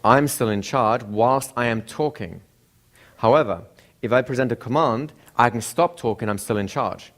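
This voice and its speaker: A man's voice: mid-range voice, normal speed. A man teaching a class, who keeps asking the room questions and acts out examples of speech intonation. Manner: asks the room frequent rhetorical questions. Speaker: instructor. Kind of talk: classroom lecture.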